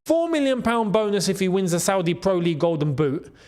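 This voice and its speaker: A male football channel host, talking casually to his audience, excitable and animated, repeating phrases and breaking into laughs. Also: high voice, brisk. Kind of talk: casual football commentary to camera. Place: in the Gulf region.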